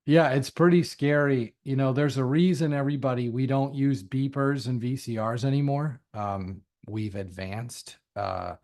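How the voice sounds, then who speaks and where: A man, a guest on a podcast, talking in a blunt, opinionated and energetic way. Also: medium pitch, moderate pace, few pauses. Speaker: podcast guest, sales consultant. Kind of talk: conversational interview.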